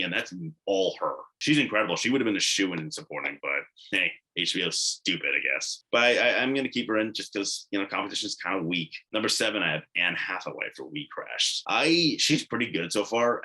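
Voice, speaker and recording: A man's voice: deep voice, bright, forceful tone, rough recording. A man giving casual, blunt commentary on TV award predictions, swearing and rambling with asides.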